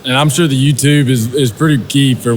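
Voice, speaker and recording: A man's voice: medium pitch, fairly even intonation, a little fast, slight background noise. A man hosting a casual podcast interview, asking easy questions and wrapping up in a laid-back way. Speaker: podcast host.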